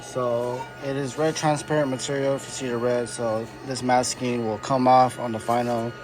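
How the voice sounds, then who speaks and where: A crowd can be heard behind this man as he explains, step by step, how he builds a custom car part in his garage workshop. He's a body shop builder with a medium-pitched voice that barely moves in pitch, talking at normal speed with fillers in a casual how-to way.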